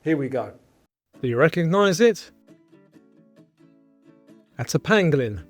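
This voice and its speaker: A man hosting a scripted quiz show, reading out questions and answer choices in a clear, measured way. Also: on the high side, sing-song, soft background music. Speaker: quiz host.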